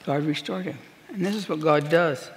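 A woman's voice: deep voice, normal speed. Earnest woman minister, emphatic sermon testimony, long hall reverb. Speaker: prison minister.

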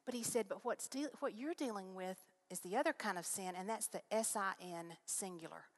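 Woman, middle-aged, preaching testimony, earnest storytelling, lifts her voice high in excited moments. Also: normal speed. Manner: earnest storytelling, rising pitch when excited. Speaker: guest speaker. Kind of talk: testimony sermon.

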